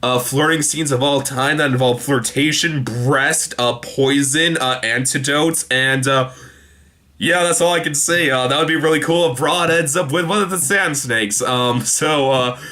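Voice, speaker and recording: A young man who reviews TV shows casually recaps an episode, rambling along with lots of fillers and restarts and quoting characters in quick voices. His voice is mid-range with a sharp tone.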